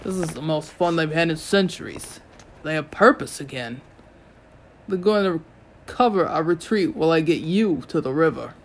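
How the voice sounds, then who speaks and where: A reader voicing a gruff, wisecracking male dwarf god who growls and mumbles in an audiobook reading. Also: medium pitch, lively intonation, moderate pace. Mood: amused.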